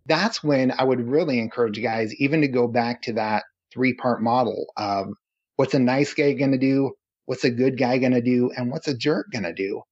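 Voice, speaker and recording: A man's voice: medium pitch, moderate pace, darkish tone, muffled recording. A man speaking as a podcast guest, explaining his ideas earnestly with analogies. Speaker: podcast guest, relationship author. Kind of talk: podcast interview.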